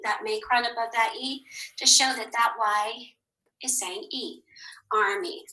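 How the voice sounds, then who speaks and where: Bright-voiced woman teaching phonics. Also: a little high, rough recording. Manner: patient, encouraging, sounds out words slowly. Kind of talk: phonics lesson for young children.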